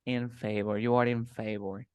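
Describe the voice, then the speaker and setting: A man's voice: on the low side, level tone, clear, resonant tone, no room sound. Patient male English teacher, dry sound. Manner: patient, repeats words slowly for pronunciation. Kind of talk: conversational lesson, interview practice.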